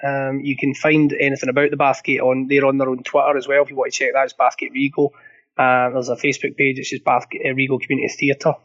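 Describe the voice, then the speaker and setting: A man's voice: medium pitch, monotone, quick pace, a bit bright, lo-fi sound. A Scottish man, a podcast guest, telling a long funny anecdote and often laughing and repeating words as he goes. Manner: laughs through his story, repeats words. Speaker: guest storyteller.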